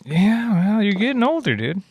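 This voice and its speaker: A man's voice: high voice, sing-song, moderate pace, darkish tone, husky, no echo. A young adult man co-hosting a podcast in casual chat, rambling and joking and swearing freely. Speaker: podcast co-host.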